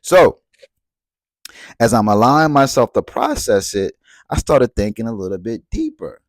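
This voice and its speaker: A man's voice: medium pitch, animated, normal speed, no room sound, clean studio sound. A man giving a reflective spoken monologue, talking conversationally, repeating phrases and asking rhetorical questions. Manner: conversational, asks rhetorical questions and checks in with "right?". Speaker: speaker on relationships and spirituality.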